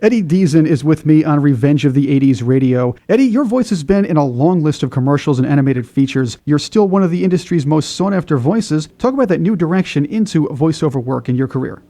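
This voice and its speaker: A radio host puts his questions in a friendly, conversational way. His voice sits a little high for a man. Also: lively intonation, fairly quick, hardly any pauses, dark tone. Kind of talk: radio interview.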